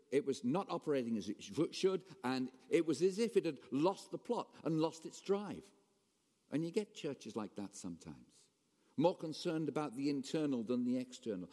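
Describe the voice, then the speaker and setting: A man preaching a sermon as pastor, animated, swinging between raised emphasis and quiet asides. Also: mid-range voice. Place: church hall. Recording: long reverb of a church hall.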